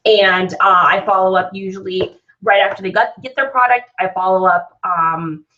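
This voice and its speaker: This woman, host and sales trainer of an online business training, has a sharp, mid-range voice with fairly even intonation at normal speed. She's upbeat and chatty, often checking in with "right?", and the recording is dull lo-fi with a slightly distant mic.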